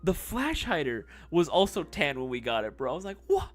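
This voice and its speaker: A young man hosts a casual live stream, tossing off answers to chat with a loose, laughing, swearing manner and a lot of bro. His voice sits a bit high for a man and swings widely in pitch. Faint music plays quietly behind him. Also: big pitch swings, a little fast. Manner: laid-back, swears freely, laughs often, says bro. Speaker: livestream host answering chat.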